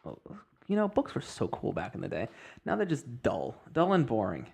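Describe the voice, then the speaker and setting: A man's voice: mid-range voice, huge pitch swings, moderate pace, creaky, a little mellow, slightly rough. A man hosting a podcast, telling stories in casual chat and acting out what people said. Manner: chatty storyteller, acts out quoted voices. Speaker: podcast host.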